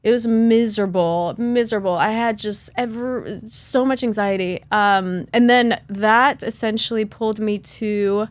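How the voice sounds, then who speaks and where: A woman in her thirties telling her story as a podcast guest, with an animated manner, frequent laughter and acted-out inner thoughts. Her voice sits at a middle pitch for a woman. The recording is close and dry, with no room sound. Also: measured pace, hardly any pauses, no room sound. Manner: animated, laughs often, acts out her own past thoughts. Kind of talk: casual conversational storytelling.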